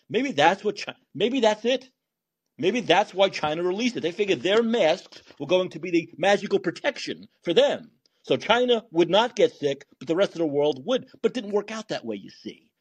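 A man hosting a podcast, talking alone in sarcastic, animated political commentary, swearing and thinking out loud. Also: a little high, breathy edge. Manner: animated and sarcastic, mocking voices of opponents. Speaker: podcast host.

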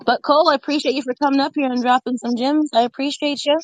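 A woman hosting a call-in podcast, briskly thanking callers and bringing up the next. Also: sits high, fairly even intonation, dry recording. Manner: brisk, friendly, managing callers. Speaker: podcast host.

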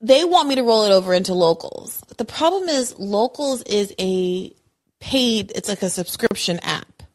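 Woman podcast host, casual chat from home, animated and rambling, lots of self-interruption. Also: medium pitch, normal speed. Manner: animated, self-interrupting, swings from loud outbursts to quiet mumbling. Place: home apartment. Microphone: remote call audio.

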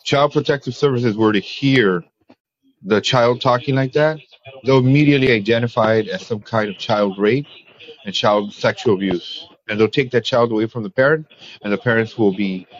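A man's voice: on the low side, normal speed. A man speaking in a casual podcast chat, emphatic and insistent. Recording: dull lo-fi audio.

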